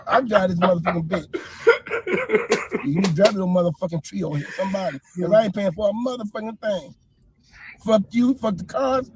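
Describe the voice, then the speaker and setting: Frantic high-voiced man yelling. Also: fairly quick, very noisy. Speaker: passenger in a comedy skit. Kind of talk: improvised comedy skit.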